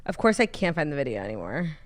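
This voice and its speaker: Animated young woman gossiping. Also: deep voice, quick pace. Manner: gossipy, animated storytelling with many "like"s. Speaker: podcast co-host. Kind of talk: casual chat.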